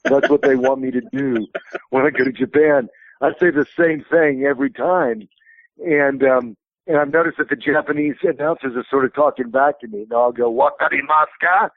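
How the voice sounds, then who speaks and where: A man in his fifties calls in as a guest and tells long, rambling stories. His voice sits at an ordinary middle pitch. It comes through a tinny, dry phone line. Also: normal speed, no echo. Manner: rambling anecdotal storyteller. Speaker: wrestling promotion president, interview guest. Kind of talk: phone interview, telling stories. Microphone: telephone.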